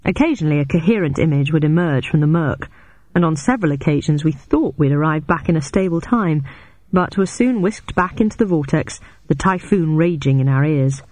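A woman narrating a novel in the first person, in a measured storytelling way. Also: lively intonation, dry recording. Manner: measured storytelling, raises pitch sharply for shouted dialogue. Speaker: audiobook narrator.

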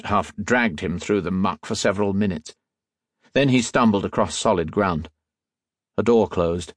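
Reading an audiobook, a man keeps a steady, measured storytelling delivery in a voice on the low side. The recording is clean studio sound with no echo.

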